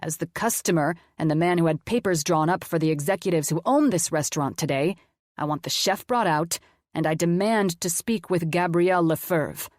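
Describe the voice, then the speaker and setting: A woman's voice: on the low side, moderate pace, darkish tone, no room sound, studio quality, natural voice. A woman voicing an arrogant wealthy businessman who speaks in a clipped, authoritative way in an audiobook. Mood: commanding.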